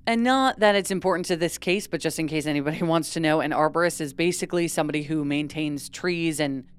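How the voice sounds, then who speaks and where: A young woman talks through a true-crime case in casual podcast chat. Her voice sits on the low side and sounds smooth and clear, and she laughs easily and says "like" often. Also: quick pace. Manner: chatty, laughs often, uses "like" a lot. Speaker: podcast co-host.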